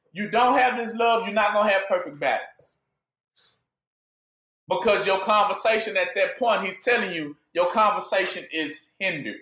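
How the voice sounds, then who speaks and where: A man's voice: high-pitched, fairly bright tone, reverberant. A man teaching scripture in an informal sermon, asking his listeners to fill in words and joking as he goes. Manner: call-and-response questions, joking, laughing. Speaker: bible teacher.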